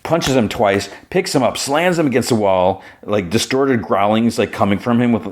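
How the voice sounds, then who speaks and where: A man's voice: mid-range voice, lively intonation, moderate pace. A man hosting a podcast, rambling through a casual TV episode recap with lots of fillers. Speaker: podcast host.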